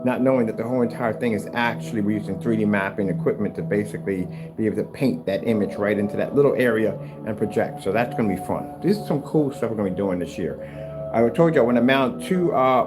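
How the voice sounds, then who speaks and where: A man talking casually in a home workshop vlog, rambling and restarting, sometimes raising his voice to scold his cat. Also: mid-range voice. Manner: rambling, chatty, restarts often. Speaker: home theater screen maker.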